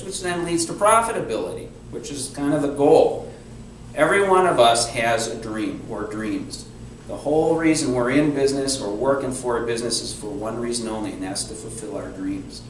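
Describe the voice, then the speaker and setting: A man's voice: medium pitch, a little hiss or hum. A man giving a talk to a business networking group, telling a story and acting out the quotes. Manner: animated storyteller, acts out quotes. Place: meeting room. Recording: echoey room from far off.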